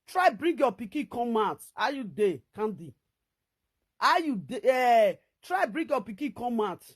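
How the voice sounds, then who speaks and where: A middle-aged woman with a Nigerian Pidgin accent, ranting to camera in a scolding, repetitive, animated way as a vlogger. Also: fairly high pitch, measured pace, slightly rough.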